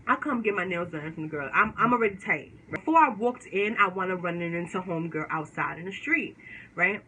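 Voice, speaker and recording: A woman vlogger telling a storytime to her viewers in slangy, animated casual talk. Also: fairly low pitch, a little fast, a little hiss or hum, rough recording.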